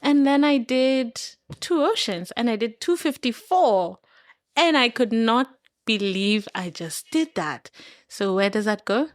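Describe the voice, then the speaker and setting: A woman from Kenya chats as a podcast guest with a fairly high voice. She tells her stories with animation, laughs often and acts out the lines of the people in them. The recording is close and dry. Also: animated, measured pace, dry recording. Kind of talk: casual storytelling chat.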